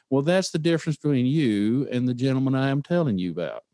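A man's voice: medium pitch, lively intonation, fast talker, warm tone, dry recording, studio quality. A man hosting a motivational podcast, speaking earnestly, telling stories and putting questions to the listener. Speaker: podcast host. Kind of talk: motivational talk.

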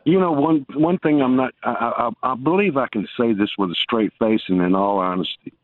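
A man's voice: medium pitch, brisk, no echo. Guy calling in, tinny phone line, dry sound, rambles and trips over his words. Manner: rambling, repeats words, good-natured teasing. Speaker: caller. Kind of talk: casual call-in banter.

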